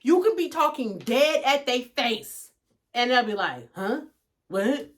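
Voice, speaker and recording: A woman co-hosting a mother-daughter chat show, sarcastic and animated, often talking over her daughter. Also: on the high side, a little slow. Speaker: podcast co-host, mother. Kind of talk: casual chat.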